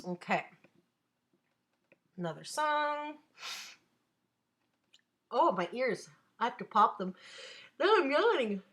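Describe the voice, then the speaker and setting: A woman's voice: a little high, sing-song, slow, long pauses, a bit bright. A young woman chatting casually on a home live stream, giggly and rambling as she reads the chat.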